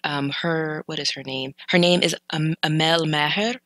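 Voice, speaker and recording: A woman's voice: low voice, steady tone, normal speed, fairly bright tone, no echo, low-quality recording. A woman learner casually explaining vocabulary from clips, thinking aloud with hesitant restarts and corrections. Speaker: language learner teaching vocabulary.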